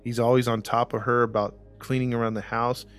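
A man's voice: mid-range voice, little pitch movement, a little fast, faint music behind. A man hosting a podcast, telling a true-crime story casually with many fillers and acted-out quotes. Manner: rambling, lots of fillers, acts out quotes. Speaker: podcast host.

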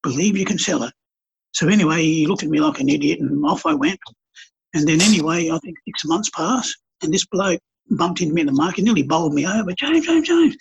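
A man's voice: a little high, quick pace, vocal fry, dull audio, slight background noise. A man, a podcast guest who tells stories and talks about spirituality in a passionate, preachy way. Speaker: podcast guest, artist and healer. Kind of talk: casual spiritual conversation.

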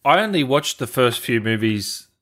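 An easygoing male podcast host with a mid-range voice. He asks loose, friendly questions and backs up his guest with quick agreement. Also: mid-range voice, expressive, a bit bright. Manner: easygoing, affirming interviewer. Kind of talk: casual interview chat.

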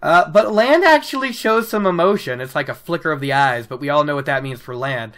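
A woman's voice: sits low, lively intonation, fairly quick. A woman casually recapping a book chapter, chatty and laughing, acting out characters' lines as she goes. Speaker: book discussion podcaster.

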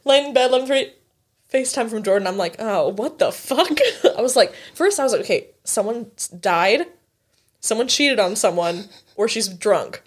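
A woman in her twenties, a podcast co-host, telling stories in casual chat, animated and laughing, swearing freely. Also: a little high, moderate pace, husky.

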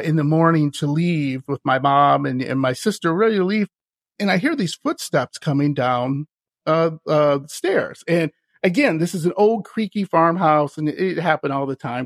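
A man hosting a podcast, telling animated stories, often laughing and acting out the voices of the people in them. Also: a little high, moderate pace, vocal fry, dry recording. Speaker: podcast host. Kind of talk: casual storytelling chat.

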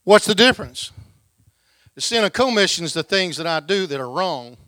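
A man preaching a lively sermon in a folksy, emphatic way, swinging between loud stresses and quiet asides. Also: sits high, normal speed, no echo.

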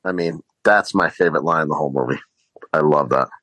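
A male podcast co-host in casual movie chat, retelling scenes with halting fillers. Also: a bass voice, fairly bright tone, no echo, poor audio.

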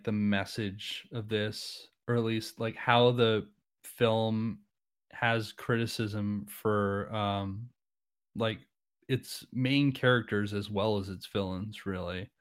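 Low, smooth-voiced man chatting casually. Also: slow pace, no echo, studio quality. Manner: rambling, filler-heavy retelling of scenes. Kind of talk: casual film discussion.

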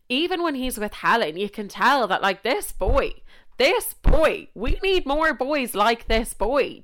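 Smooth-voiced animated Irish woman. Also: on the high side. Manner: animated, chatty, swears freely, gets carried away. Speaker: podcast host. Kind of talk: casual chat.

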